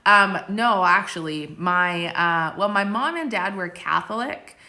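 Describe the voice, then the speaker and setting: A woman's voice: mid-range voice, unhurried, sharp tone. A young woman hosting a casual live stream from her phone, laughing often and reading out viewer comments. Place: countryside village home.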